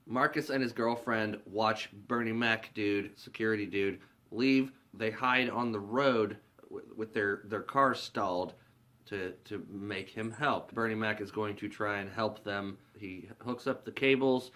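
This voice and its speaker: A man's voice: fairly low pitch, measured pace, a bit bright. A young man casually recapping a film plot in a rambling, profane way, full of "like". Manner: rambling, profane, heavy use of "like". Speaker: movie reviewer.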